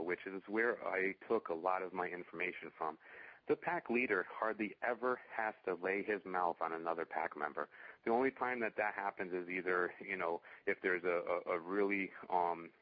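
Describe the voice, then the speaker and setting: A man who rehabilitates dogs, chatting casually in a halting way, full of fillers and restarts. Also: low-pitched, dry recording. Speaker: dog rehabilitation trainer. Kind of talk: casual conversation. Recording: muffled lo-fi sound.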